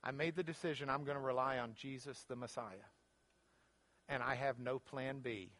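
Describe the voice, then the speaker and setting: A man teaching a Bible lesson as a sermon, earnest and rising in pitch when he quotes Scripture, closing in prayer. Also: moderate pace, fairly bright tone, no room sound.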